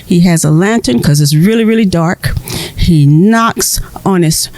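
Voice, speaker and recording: A woman storyteller telling a folk tale to children in a lively, expressive way. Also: fairly low pitch, measured pace.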